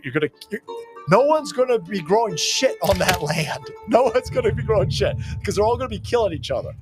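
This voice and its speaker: A man streaming a strategy game, ranting and swearing as he reads and answers chat, with game music playing behind him. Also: on the high side. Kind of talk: profane gaming stream commentary.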